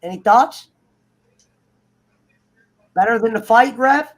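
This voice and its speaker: A man in casual, heated chat, swearing freely and acting out characters in quick asides. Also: very high voice. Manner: profane, animated, acts out characters in quick asides. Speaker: guest on a TV review talk show.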